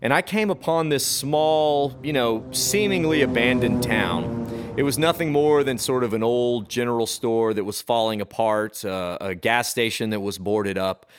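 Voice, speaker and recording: A man's voice: mid-range voice, faint music behind. A man from the Austin area, telling a spooky story on a podcast in a chatty, meandering way. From Texas, Austin area. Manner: chatty, drawn-out, with fillers and restarts. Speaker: podcast co-host. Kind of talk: casual storytelling of a spooky true tale.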